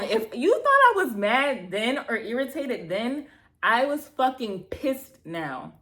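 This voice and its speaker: A woman in her thirties telling a bad-date story to camera, animated and exasperated, acting out both sides of the conversation, with lots of "like" and casual swearing. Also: fairly high pitch, slow. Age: 30s. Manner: heavy filler "like", casual swearing. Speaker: vlogger. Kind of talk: storytime vlog, casual retelling.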